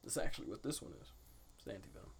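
A man's voice: rapid-fire, a little hiss or hum. A man chatting casually on a podcast, laughing often and talking in slangy bursts. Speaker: podcast guest. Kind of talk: casual chat.

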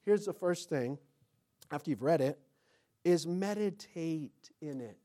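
A man preaching a sermon as pastor, telling stories and acting out quotes, swinging between loud and whispered lines. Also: a little high, animated, a little slow.

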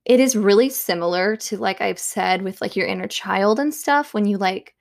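A young woman talks at home in a loose, chatty self-help monologue. Her pitch sits in an ordinary middle range. She leans on fillers and lets soft little laughs slip between her thoughts. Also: normal speed, creaky. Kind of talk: casual monologue.

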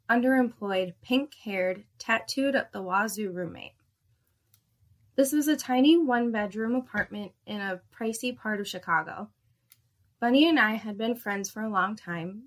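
A woman's voice: medium pitch, fairly bright tone. Sardonic young woman narrating a story.

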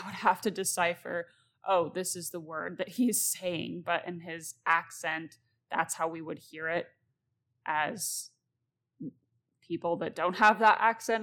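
A woman's voice: on the low side, a bit bright. A young woman hosting a casual solo talk on writing, chatty and rambling, laughing as she goes. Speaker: podcast host, novelist.

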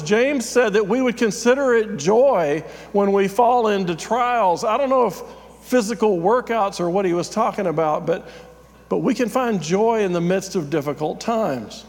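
A man's voice: high voice, long reverb tail. A man, a pastor, giving a conversational, self-deprecating sermon with frequent fillers.

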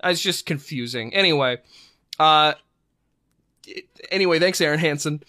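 A man's voice: fairly high pitch, moderate pace, sharp tone, no echo, studio quality. A man hosting a podcast in casual chat, rambling and cursing in frustration. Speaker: podcast host.

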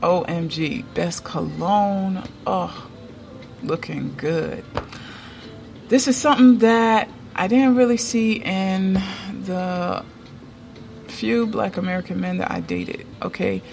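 Slow-talking woman with a gravelly voice. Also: lowish voice, expressive, darkish tone, faint music behind. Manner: chatty, emphatic, keeps checking in with "okay?". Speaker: vlogger. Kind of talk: casual opinion vlog.

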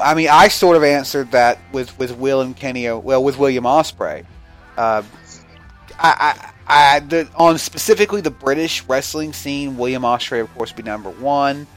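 A man's voice: mid-range voice, moderate pace. Man, podcast co-host, casual chat, rambling, profane, joking, faint music behind.

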